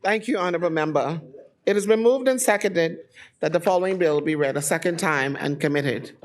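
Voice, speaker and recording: A woman's voice: fairly low pitch, a little fast. A woman as speaker of the house, chairing the proceedings in a formal, procedural way.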